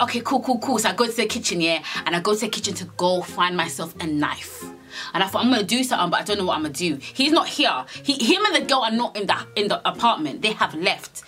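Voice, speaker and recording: A young British woman in her twenties, casually telling a storytime vlog, animated, slangy and swearing as she acts out scenes. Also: medium pitch. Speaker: storyteller vlogger.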